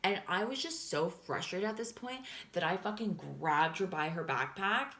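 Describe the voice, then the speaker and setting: A young woman tells a story to camera in a loose, rambling chat, piling on fillers and the odd swear word. Her voice sits a touch lower than most women's. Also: lively intonation, normal speed, a bit bright. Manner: chatty, filler-heavy with constant "like", swears and laughs. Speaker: vlogger.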